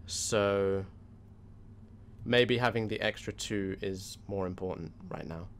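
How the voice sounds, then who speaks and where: A man with a fairly low voice talks through card picks in a relaxed gaming chat. He muses and reasons out loud, weighing each option in an easygoing, conversational way. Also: takes it slowly, a little hiss or hum. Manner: musing, reasons things out aloud. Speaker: co-host.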